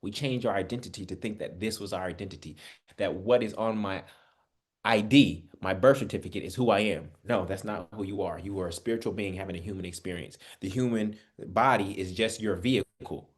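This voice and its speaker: A man's voice: low voice, brisk, husky. Man preaching with rhetorical questions. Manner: conversational preaching, addresses listeners as family, rhetorical questions. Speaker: Bible study teacher. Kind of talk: spiritual teaching. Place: online Bible study session.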